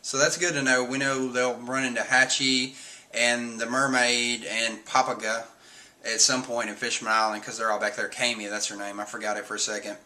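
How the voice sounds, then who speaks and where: A man's voice: mid-range voice, level tone, moderate pace, sharp tone. A man casually recapping a manga chapter in a rambling way, full of fillers, often reading out character lines.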